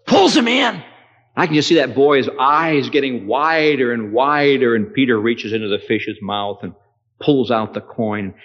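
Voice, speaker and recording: A man preaching a sermon with strong emphasis, his voice swelling loud and high on key words and then dropping low, telling a story with acted dialogue. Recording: echoey hall, dull lo-fi sound.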